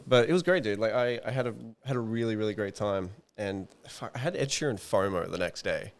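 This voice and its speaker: A man's voice: fairly low pitch, expressive, fast talker, gravelly, few pauses, a little hiss or hum. A young man co-hosting a podcast, chatty and laughing often as he tells stories and swears freely. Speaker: podcast co-host. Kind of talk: casual chat.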